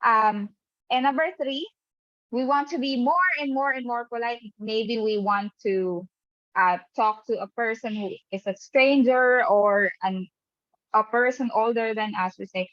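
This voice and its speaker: A woman's voice: a little high, unhurried, fairly bright tone, dry recording. A woman teacher running an online lesson who keeps checking in with the class by asking "right?". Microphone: webcam mic on a video call. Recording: dull, dry video-call audio.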